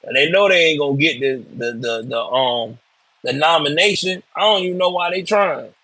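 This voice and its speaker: A man with a husky, somewhat high voice hosts a live political show in a casual rant. He talks bluntly and swears freely, and his voice sounds close and dry. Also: moderate pace, bright, forceful tone, no room sound, rough recording. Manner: blunt, profane, emphatic. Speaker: live political commentary host. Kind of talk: casual ranting commentary.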